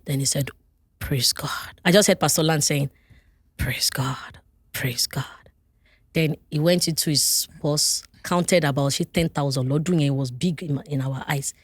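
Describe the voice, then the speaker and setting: A Nigerian woman tells a story from her life on a podcast, animated and quick to act out the people in it. Her voice sits a little low for a woman. It is a dry studio sound with almost no room in it. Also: slightly rough, dry recording. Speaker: podcast guest. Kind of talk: casual storytelling.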